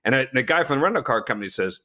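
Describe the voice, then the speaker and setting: A man hosting a casual chat, telling a story in a relaxed way with frequent restarts. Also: mid-range voice, rapid-fire.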